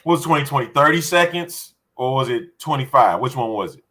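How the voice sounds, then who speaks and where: A man co-hosting a casual sports podcast, rambling excitedly as he spins out ideas. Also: medium pitch, fairly quick. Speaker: podcast co-host.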